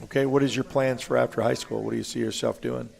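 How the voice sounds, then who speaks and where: Man hosting sports chat, gravelly, mid-pitched, easygoing interviewer. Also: steady tone, fast, darkish tone. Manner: chatty, asks players questions, trails off. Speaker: sports show host. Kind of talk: casual interview. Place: restaurant in a mall.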